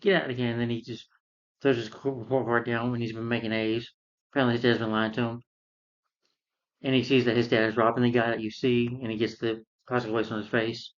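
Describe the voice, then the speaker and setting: A film reviewer with a medium-pitched voice rambles casually through a movie's plot, full of fillers and restarts. The audio sounds dull.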